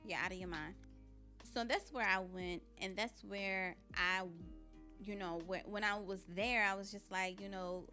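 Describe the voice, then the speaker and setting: A young woman hosts her own podcast, talking candidly and preachily straight to her listeners. Her voice is bright and forceful, and soft music plays faintly underneath. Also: mid-range voice, fairly even intonation, measured pace. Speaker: podcast host. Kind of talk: casual motivational monologue.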